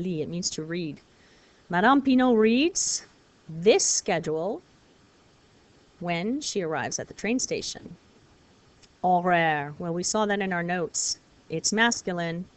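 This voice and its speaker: A woman teaching a recorded lesson, explaining clearly and patiently, step by step. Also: lowish voice. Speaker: French teacher.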